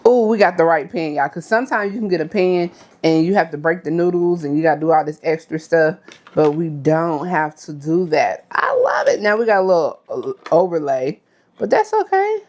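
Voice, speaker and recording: A woman, her voice sitting fairly low. She talks through a cooking demonstration in a loose, chatty way. She keeps checking in with her viewers. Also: fairly quick, a little mellow. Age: 30s. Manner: chatty, addresses viewers as y'all, frequent okay. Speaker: cooking vlogger.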